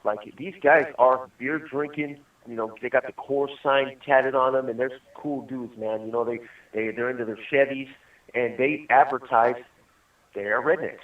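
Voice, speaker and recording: A man's voice: medium pitch, fairly even intonation, normal speed. A man in prison telling rambling stories in casual chat on a call, laughing often. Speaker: incarcerated caller. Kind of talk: casual storytelling over a phone call. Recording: distant, tinny phone line.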